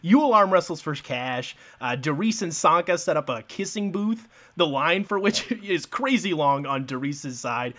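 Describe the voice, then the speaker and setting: Male podcast co-host, casual, laid-back, loose swearing, frequent laughs, slightly higher voice. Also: expressive, measured pace, hardly any pauses, a bit bright. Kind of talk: casual movie recap chat.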